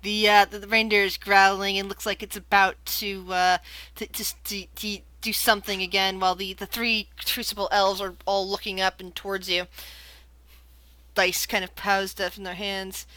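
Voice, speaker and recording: A woman narrating as game master of a tabletop game, halting and often repeating words. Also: mid-range voice, level tone, bright, forceful tone, no room sound, low-quality recording.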